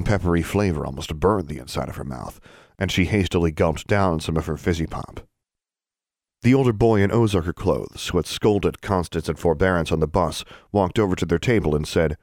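Deep-voiced male audiobook narrator, animated pitch, dry studio sound. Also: dry recording. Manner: expressive storytelling.

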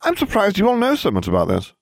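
A man voicing a gentle, weary former teacher in a storybook reading. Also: high-pitched, huge pitch swings, fast, creaky, no echo, studio quality, pitched above the performer's own voice, full character voice. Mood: mild.

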